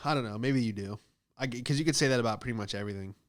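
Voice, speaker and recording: A young American man hosting a podcast, telling rambling comedic stories and acting out the people in them with squeaky high voices. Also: fast talker. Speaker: podcast host. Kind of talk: casual comedic monologue.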